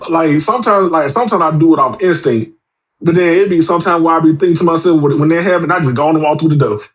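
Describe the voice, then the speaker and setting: Man, podcast guest, fairly high voice, blunt, profane, animated storyteller. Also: quick pace. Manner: acts out quoted voices. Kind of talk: casual podcast chat.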